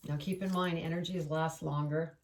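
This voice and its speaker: A woman leads a relaxed tarot reading, wandering from thought to thought and speaking aloud to spirit between cards. Her voice sits low and has a gravelly edge. She is recorded from a distance, with a clear layer of background noise. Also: moderate pace. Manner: chatty, meandering, addresses spirit aloud. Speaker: tarot reader. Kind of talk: casual tarot reading to camera.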